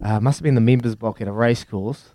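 A man's voice: medium pitch, a little fast, mellow, no room sound, clean studio sound. A man in his thirties with a New Zealand accent, co-hosting breakfast radio in a jokey, storytelling chat. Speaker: radio co-host. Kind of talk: casual breakfast radio banter.

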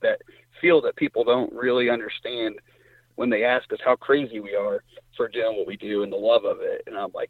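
A middle-aged man from Indiana tells a hunting story in animated, rambling talk, his voice leaping high whenever he quotes someone. His tone is a little husky. He comes through dry and tinny, as if on a phone line. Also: normal speed, no echo. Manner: animated storyteller, voice jumps high when quoting others. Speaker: guest hunter. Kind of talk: casual storytelling.

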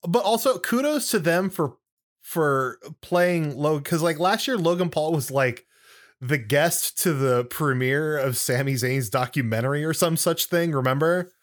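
A man's voice: on the high side, animated, measured pace. A man co-hosting a wrestling podcast in casual chat, joking and rambling with plenty of asides. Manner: chatty and jokey, with many fillers and asides.

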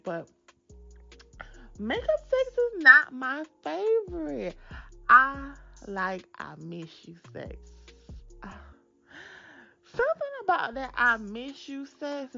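A woman in her twenties talking candidly to her viewers, blunt and sassy, with emphatic, drawn-out asides and plenty of profanity. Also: fairly high pitch, vocal fry, sharp tone, dull audio. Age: 20s. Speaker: vlogger. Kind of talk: candid casual chat to viewers.

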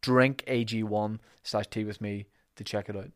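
A man's voice: on the low side, fairly even intonation, normal speed. A man with a Northern Irish accent hosting a podcast, reading ads in a casual, joking way and correcting himself as he goes. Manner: chatty, joking, self-correcting. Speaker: podcast host. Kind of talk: casual podcast chat with ad reads.

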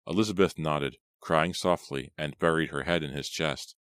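A man narrating a horror audiobook in a steady, measured reading style. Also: rumbling low, smooth, no echo, clean studio sound.

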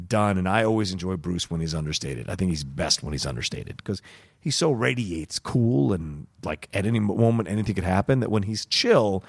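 Lively-voiced man hosting a podcast. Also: low voice, brisk, creaky, husky, no room sound. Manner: easygoing, laughs often, talks in long musing runs. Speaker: podcast host. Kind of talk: casual chat.

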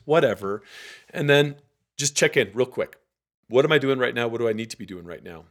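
A man, a guest author, talking casually in an interview and acting out quoted voices with lively energy. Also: medium pitch, fairly quick. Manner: animated, acts out quoted voices.

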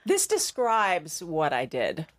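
Woman, chatty guest, very animated pitch, laughs easily. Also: slow, dry recording. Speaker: guest filmmaker. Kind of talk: casual chat.

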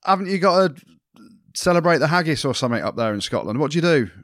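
A man's voice: fairly high pitch, expressive, fast, fairly bright tone, no room sound. Teasing man co-hosting, dry sound. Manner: teasing, leading banter. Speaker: podcast co-host. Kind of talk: casual podcast chat.

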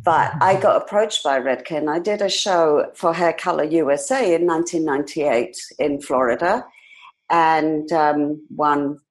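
An older British woman with a slight New York twang in her speech, sitting for a relaxed podcast interview. Her voice sits a little low, and she tells her stories with energy, laughing now and then. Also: unhurried, rough recording. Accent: British with some New York twang. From Britain. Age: 60s. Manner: animated storyteller, acts out quoted voices, laughs often. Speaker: hair industry educator and guest.

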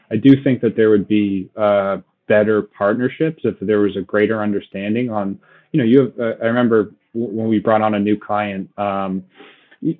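Man in an interview, lower voice, halting and chatty, thin phone-line sound. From Boston area. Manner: many restarts and "right?" tags, laughs often. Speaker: logistics company guest. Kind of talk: casual interview talk.

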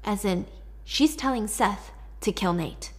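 A woman narrating a dark story in a chatty, casual retelling with wry asides. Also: mid-range voice, measured pace.

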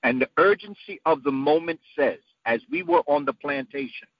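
A man giving an emphatic, preacherly talk whose voice climbs to high peaks. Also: wildly swooping pitch, moderate pace, gravelly, no echo. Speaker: guest speaker. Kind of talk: impassioned lecture-style talk. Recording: dull lo-fi dry sound.

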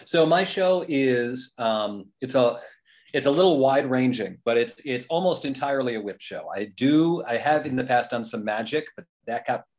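A man talking as a podcast guest, his mid-range voice lively and casual as he tells stories about his act. He speaks freely, with a loose, profane edge. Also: medium pitch, normal speed. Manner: animated storyteller, casual and profane. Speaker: guest, whip performer. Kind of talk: casual interview chat.

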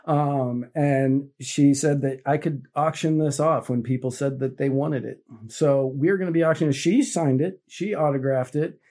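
Mellow, easygoing male co-host. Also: medium pitch, fairly even intonation, moderate pace, hardly any pauses. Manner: easygoing, echoes partner, laughs often. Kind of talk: casual livestream auction chat.

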